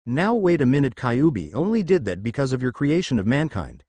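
A defiant, quick-tempered young ninja who taunts and snaps back, as a male reader voices him. His pitch moves a lot, and the recording is dry with no room sound. This is a storybook reading. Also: very animated, mellow, husky, no room sound. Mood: furious taunting.

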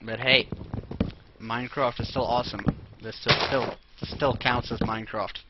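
A man's voice: medium pitch, level tone, normal speed. A young man hosting a let's play, rambling casually and talking to himself as he plays. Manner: rambling, talks to himself while playing. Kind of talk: casual gameplay commentary. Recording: dull lo-fi mic with clear noise.

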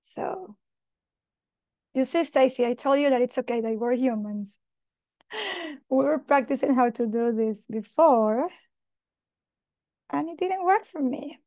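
Brief: high, emotional woman presenter on a dry video-call mic, flustered, apologetic. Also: unhurried, long pauses, warm tone, no echo. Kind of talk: online conference talk.

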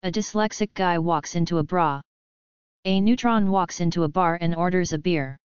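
Woman flatly reading beer jokes, lo-fi. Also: lowish voice, moderate pace, clean tone, no echo. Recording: dull lo-fi dry recording.

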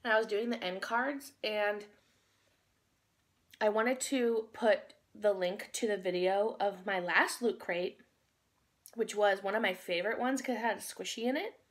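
A woman's voice: mid-range voice, a little slow. A young woman vlogging into her phone, chatting in a bubbly, rambling way and talking with her mouth full while she eats. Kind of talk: casual chat while eating.

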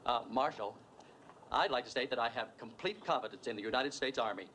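Male actor as a self-important, fussy banker, brisk delivery, 1960s western film sound. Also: mid-range voice, bright, forceful tone, lightly acted. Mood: pompous. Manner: pompous, fussy. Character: pompous, fussy middle-aged male banker. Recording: film soundtrack with background noise.

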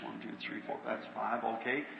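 A man's voice: mid-range voice, steady tone, brisk, vocal fry, a little hiss or hum. A Southern American preacher leads a revival meeting, earnest and plain-spoken. His voice rings through a big echoey hall with a long tail. The recording is an old, muffled tape from some distance away. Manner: folksy, earnest, calls out numbers to the crowd. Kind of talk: revival sermon and healing line. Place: large auditorium.

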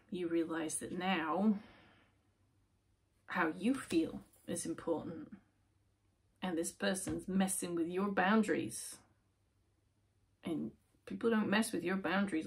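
Husky woman reading tarot. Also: fairly low pitch, steady tone, slow pace, long pauses. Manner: chatty, with frequent fillers, dropping to near-whispers at times. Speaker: tarot reader. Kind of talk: casual tarot reading to camera.

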